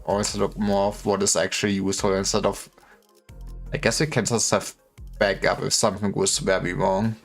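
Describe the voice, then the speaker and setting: A man's voice: lowish voice, level tone, normal speed, gravelly. A man streaming a game, rambling casually and thinking aloud with restarts as he plays. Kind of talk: casual gaming commentary. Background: faint game music.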